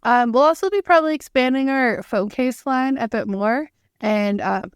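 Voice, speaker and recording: A young woman co-hosting a podcast, telling stories in an animated, excitable way. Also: sits high, normal speed, clean tone, no echo, studio quality. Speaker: podcast co-host. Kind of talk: casual chat.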